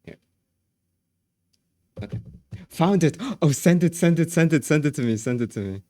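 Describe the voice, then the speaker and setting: A man livestreaming, chatting casually with his viewers, excitable and repeating phrases as he laughs often. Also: on the high side, normal speed, no echo, clean studio sound.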